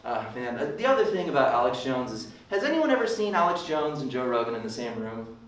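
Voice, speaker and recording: A man's voice: mid-range voice, sing-song, fast talker. A young man doing a rambling, self-deprecating stand-up set at an open mic, slipping into ranting voices now and then. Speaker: stand-up comedian. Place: club open mic room. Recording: echoey room, distant mic, faint hiss.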